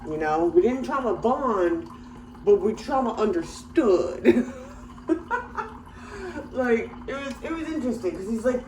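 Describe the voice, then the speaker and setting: A woman's voice: on the high side, lively intonation, measured pace, pauses often, mellow, slight background noise, rough recording. A woman talking to herself at home in a casual vlog, rambling and groggy. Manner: rambling, groggy self-talk. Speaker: vlogger.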